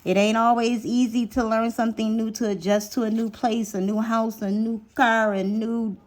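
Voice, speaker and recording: A woman's voice: a little high, level tone, moderate pace, darkish tone. Chatty woman giving a tarot reading. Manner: chatty, repeats phrases for emphasis; drops to a whisper while drawing cards. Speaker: tarot reader.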